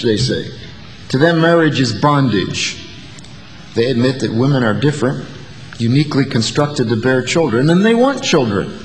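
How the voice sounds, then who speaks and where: A man preaching a sermon to his congregation, telling stories with a wry, folksy touch. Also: on the high side. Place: church sanctuary. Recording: long hall reverb.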